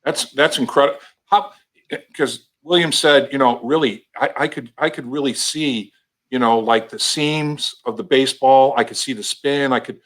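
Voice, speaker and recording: A man's voice: mid-range voice, normal speed, a bit bright. A man hosting a casual sports interview, enthusiastic and folksy, with stammering repeats. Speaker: interview show host.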